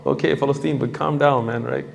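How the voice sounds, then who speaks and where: A man's voice: medium pitch, brisk, creaky. A man preaching a storytelling sermon in a hall, acting out the voices of the people in his story. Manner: animated storyteller who acts out quoted voices.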